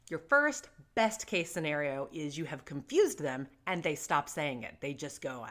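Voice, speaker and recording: Lively, joking woman in midlife. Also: sits low, normal speed. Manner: joking, self-deprecating, animated storyteller. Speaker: parenting vlogger. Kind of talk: casual advice to camera.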